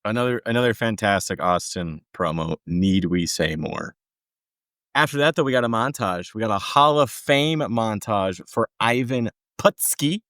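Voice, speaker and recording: A man co-hosting a casual podcast, giving wry, lively commentary on old wrestling shows. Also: on the low side, moderate pace, no room sound, studio quality. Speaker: podcast co-host. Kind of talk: casual recap chat.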